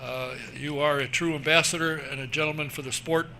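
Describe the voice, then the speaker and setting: A man's voice: on the high side, fairly even intonation, fairly quick, gravelly, bright, forceful tone, a little hiss or hum. A man hosting a motorsports radio show, interviewing a guest and paying him compliments. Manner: complimentary, leading questions.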